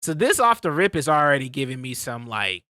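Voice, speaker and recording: A man's voice: mid-range voice, very animated, a little fast, pushed and bright, no room sound, clean studio sound. A man streaming, reacting to a clip in a casual, slangy way, often laughing.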